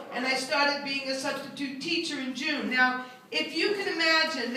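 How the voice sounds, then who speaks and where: A woman's voice: high-pitched, sharp tone, a little hiss or hum. A woman in her sixties telling a live stand-up story, chatty and self-mocking, often slipping into character voices. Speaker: stand-up comedian. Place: live comedy venue with an audience. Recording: very echoey room, mic at a distance.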